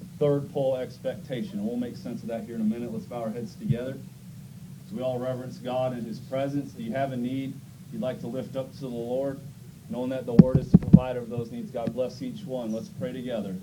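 A man's voice: mid-range voice, little pitch movement, fairly quick, highs cut off, noisy background. A man pastoring a church service, talking in a folksy, conversational way and praying with rising fervor, while his voice is going. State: losing his voice. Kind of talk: church service, singing, prayer and announcements.

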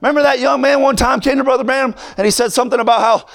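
Fervent high-voiced preacher. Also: male voice, racing, creaky, hardly any pauses. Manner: fervent preaching that builds to shouting. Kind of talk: sermon.

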